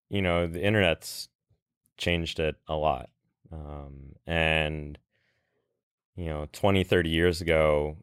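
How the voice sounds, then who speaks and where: A man talking as a guest on a podcast, relaxed and loose, filling pauses with "you know" and "um". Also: a bass voice, clean tone, no room sound, studio quality. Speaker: guest, travel industry veteran. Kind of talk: casual podcast chat.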